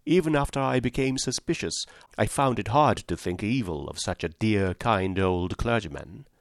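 Brief: a witty, composed young woman in a storybook, read by a man in a low, dry voice. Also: animated, normal speed, no echo. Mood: poised. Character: clever, composed young woman writing a letter.

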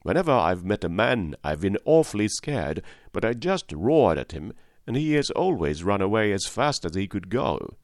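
Guy doing a low sad cowardly lion, storybook read, lively delivery. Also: normal speed, no room sound, clean studio sound. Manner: sad, apologetic. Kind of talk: audiobook reading.

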